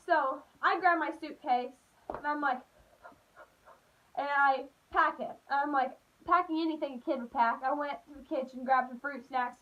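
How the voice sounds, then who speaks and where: Woman, high-pitched, animated vlog storytelling, dull lo-fi sound. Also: normal speed. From Appalachian United States. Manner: animated storytelling, acting out voices, lots of "like". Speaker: vlogger. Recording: dull lo-fi recording.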